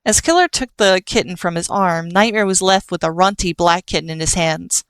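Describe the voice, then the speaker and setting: Give me a woman narrating an audiobook in a low, smooth voice. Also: normal speed, no echo.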